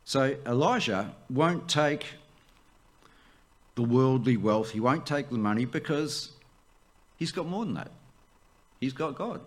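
Lively, animated male preacher. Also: medium pitch, takes it slowly, long pauses. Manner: animated preaching, swooping up for emphasis and dropping to a hush. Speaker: pastor. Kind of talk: sermon.

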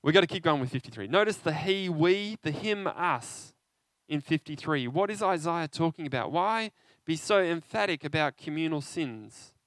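A man preaching an interactive sermon, animated and conversational, often asking his listeners questions. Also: fairly high pitch, moderate pace, no room sound.

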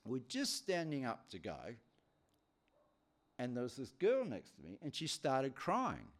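A man delivers a sermon as an animated storyteller. His voice rises and falls widely. He piles up repeated phrases for effect. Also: medium pitch, measured pace. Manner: animated storyteller with many repetitions. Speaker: preacher.

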